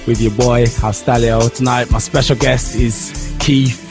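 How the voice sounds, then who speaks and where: A man's voice: medium pitch, level tone, measured pace, gravelly, over music. A man hosting a casual podcast chat, playful and teasing, often opening with "yo". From Jamaica. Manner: playful, teasing, loud interjections of "yo". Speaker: podcast host.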